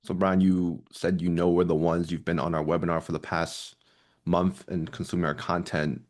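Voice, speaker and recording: Man, low deep voice, sales closer in practice, probing questions, a bit halting. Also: level tone, a little mellow. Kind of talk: sales call role-play.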